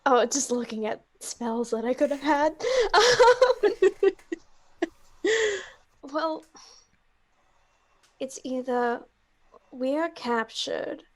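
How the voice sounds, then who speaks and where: High-voiced woman thinking aloud as a player. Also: big pitch swings, drawn-out words, long pauses, no room sound. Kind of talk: playing a character in a tabletop game.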